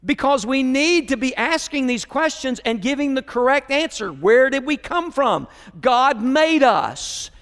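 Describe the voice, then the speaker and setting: A man with a Southern American accent preaching a sermon, moving between soft musing and raised, emphatic preaching. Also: very high-pitched. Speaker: pastor. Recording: hall reverb.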